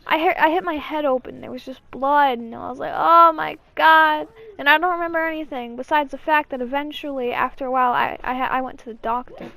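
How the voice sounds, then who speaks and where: A woman's voice: high-pitched, fast, vocal fry, few pauses, a bit bright, no echo. A woman hosting her own channel, telling stories in a rambling, casual way with restarts and acted-out quotes. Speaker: channel host. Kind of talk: casual storytime chat.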